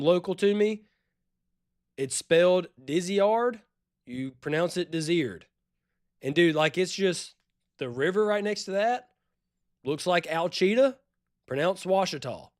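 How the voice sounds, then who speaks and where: A man with a Louisiana accent, chatting and joking as he streams a retro game, now and then yelping with excitement. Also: fairly high pitch, dry recording, studio quality. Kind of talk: casual live-stream commentary. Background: faint game music.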